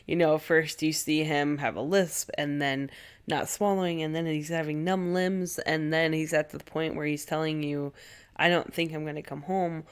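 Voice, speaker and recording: A woman podcast host asking interview questions, gentle and affirming as she listens. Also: low-pitched, level tone, normal speed, clear, resonant tone.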